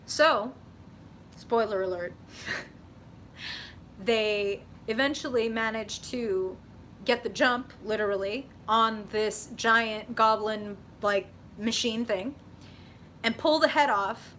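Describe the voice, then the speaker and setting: A young woman hosting a live tarot reading, chatting with viewers in an animated, casual way, swearing freely and saying "like" often. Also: a little high, slow pace, slight background noise.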